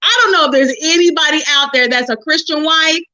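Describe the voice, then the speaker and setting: Bright-voiced woman preaching her testimony. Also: high voice, a little fast, dull audio. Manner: lively, preachy, calls listeners honey and sis. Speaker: host of a relationship forum. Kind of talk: personal testimony to listeners.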